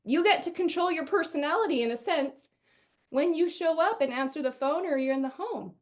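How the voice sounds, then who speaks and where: A high-pitched woman from Wisconsin leads a sales training webinar. She talks in a chatty, energetic way and often slips into quoting customers. She sounds middle-aged. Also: brisk.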